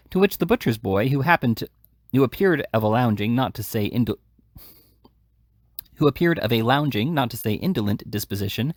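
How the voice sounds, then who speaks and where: A man's voice: medium pitch, no echo, studio quality. A man reading a classic novel aloud in a casual way, with occasional slips and restarts. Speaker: reader. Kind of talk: audiobook reading.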